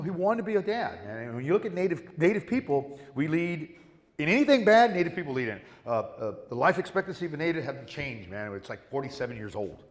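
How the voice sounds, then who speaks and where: A man on a convention panel, telling a story with lots of swearing and acting out the voices of the people in it. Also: medium pitch. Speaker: panel guest. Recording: roomy hall with long reverb.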